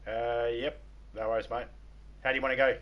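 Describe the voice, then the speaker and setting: Rambling Australian gaming streamer. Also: male voice, mid-range voice, flat delivery, a little fast, highs cut off. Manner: rambling, repeats words, laughs at own stories. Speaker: livestream host. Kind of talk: casual gaming livestream chat.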